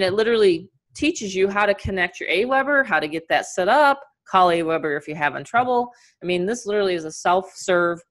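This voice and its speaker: A middle-aged woman with a New York accent who leads a live online business training over a video call, talking in an energetic, chatty way and laughing often. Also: medium pitch.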